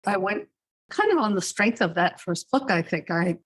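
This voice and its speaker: An older woman speaking as a psychiatrist guest in an interview, telling her story in a measured, thoughtful way with dry asides. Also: medium pitch, very animated, slightly rough. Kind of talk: reflective interview answers.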